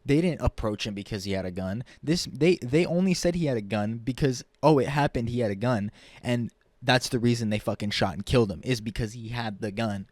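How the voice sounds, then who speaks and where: A man's voice: mid-range voice, fairly quick, a little mellow, dry recording. A man vlogging an angry, profane political rant, repeating himself as he gets heated.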